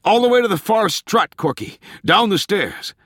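A man playing a steady, protective hero in danger, calm and firm in an audiobook. His voice stays reassuring and sits fairly low, and it rises into a shout when he gives orders. The recording is dry and close. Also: moderate pace, slightly rough, no room sound.

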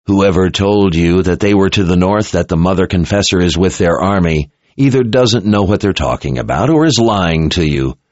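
A man's voice: low-pitched, expressive, normal speed, few pauses, darkish tone, dry recording. A man voicing a haughty, arrogant male sorcerer who drawls his words. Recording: dull lo-fi recording.

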